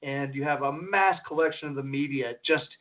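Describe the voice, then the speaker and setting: A man's voice: fairly high pitch, brisk. A man co-hosting a casual political talk radio show, rambling and searching for words as he poses rhetorical questions. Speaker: radio co-host. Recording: tinny phone-like line.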